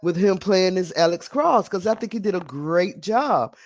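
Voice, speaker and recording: A man with a fairly high voice hosts a casual live stream, chatting to viewers. He rambles a bit and sounds scattered as he works on his setup. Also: animated, moderate pace. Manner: scattered and chatty, talking to viewers while fixing audio. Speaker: live stream podcast host.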